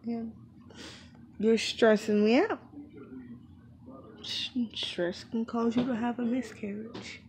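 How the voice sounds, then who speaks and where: A woman's voice: a little high, flat delivery, takes it slowly, long pauses, a little mellow. A young woman telling a personal story in a frank, profane, casual way, full of trailing fillers. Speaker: vlogger. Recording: noisy background hiss.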